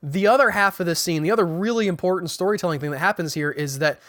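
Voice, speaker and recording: A man with a fairly high voice talks through a TV episode in a loose, chatty recap. He often trips over his words and restarts sentences, and he paraphrases what the characters said. The sound is close and dry, with no room echo. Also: fast, a bit bright. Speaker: podcast host recapping a TV episode. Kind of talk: casual spoken recap.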